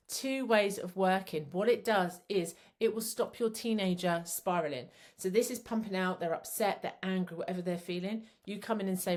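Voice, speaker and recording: A middle-aged woman, a psychotherapist giving a chatty, rambling talk that teaches parents. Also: mid-range voice. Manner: chatty, rambling, self-described waffler.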